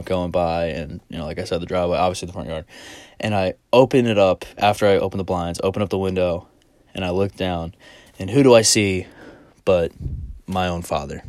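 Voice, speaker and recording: Chill young dude rambling, swears a lot, lowish voice, dry sound. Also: male voice, a little mellow, no room sound. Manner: laid-back, rambling and profane. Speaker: podcast host. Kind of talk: casual storytelling.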